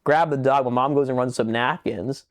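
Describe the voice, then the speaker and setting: A young man co-hosting a podcast, telling a rambling story in casual chat, swearing a lot and getting animated as he retells it. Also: medium pitch, normal speed. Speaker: podcast co-host.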